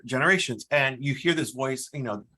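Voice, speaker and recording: Bright-voiced middle-aged man telling stories. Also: medium pitch, normal speed. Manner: animated storyteller, mimics voices in quotes. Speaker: guest, career services dean. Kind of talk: conversational interview.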